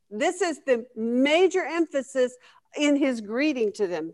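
A woman's voice: sits high, lively intonation, moderate pace, a little mellow. A woman leading a Bible study lesson, asking the class questions and reacting with enthusiasm.

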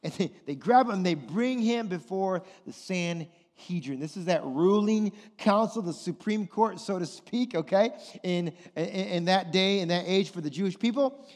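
A man preaching a sermon, animated and conversational, often putting questions to his listeners. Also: sits high, normal speed, big-room sound. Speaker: pastor.

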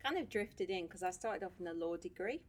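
Lower-voiced woman telling stories. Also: a little fast. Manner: animated storyteller, laughs often. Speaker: podcast guest, social worker. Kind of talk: casual storytelling chat.

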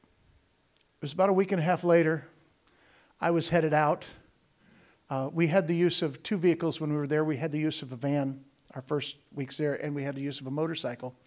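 A man's voice: fairly high pitch, steady tone, fairly quick, darkish tone. A man speaking to a congregation as a visiting missionary, telling a story in a folksy, joking way and often talking straight to his listeners. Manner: folksy, joking, digressive, addresses the congregation directly. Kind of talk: storytelling sermon.

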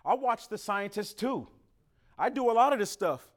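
A man preaching a sermon as pastor, conversational with street slang and sudden loud emphatic rises. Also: high voice, expressive, moderate pace.

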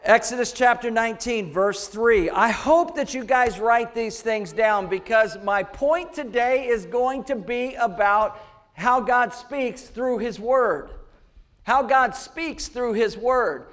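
A man's voice: very high-pitched, slow pace, fairly bright tone. A man preaching a sermon, emphatic and repeating key phrases to the congregation. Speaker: pastor.

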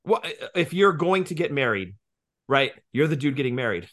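A man's voice: mid-range voice, big pitch swings, moderate pace, a bit bright. A man in his forties co-hosting a podcast, joking and profane in casual banter, explaining things at length. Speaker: podcast co-host.

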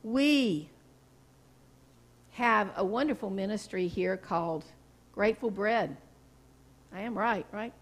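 A woman pastor preaching a sermon, telling stories in a folksy way and asking the congregation questions. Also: a little high. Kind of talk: sermon with storytelling. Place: church sanctuary.

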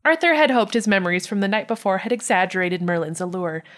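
A woman's voice: medium pitch, lively intonation, fast talker, fairly bright tone. Midwestern woman reading a story aloud. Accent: Midwestern American. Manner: reads with stumbles and breaks into laughter. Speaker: reader of fan fiction on a podcast. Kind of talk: reading fiction aloud with casual chat.

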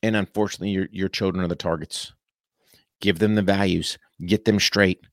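A man delivering an impassioned, preachy monologue straight to his viewers, punching key words with sudden pitch jumps and dropping into casual slang. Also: fairly even intonation, a little fast, dry recording, clean studio sound. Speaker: political commentator addressing viewers. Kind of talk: impassioned direct-to-camera monologue.

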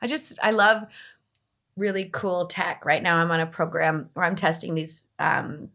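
A woman's voice: fairly low pitch, fairly even intonation, moderate pace, creaky, sharp tone. A young woman, chatting enthusiastically as an interview guest about technology, with lots of fillers. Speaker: interview guest, tech blogger. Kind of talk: casual interview chat.

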